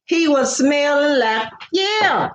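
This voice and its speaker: This older vlogger from the American South talks slowly in a high voice with lively intonation. On her casual home live stream she rambles playfully and repeats words, captured in an echoey, dull lo-fi recording.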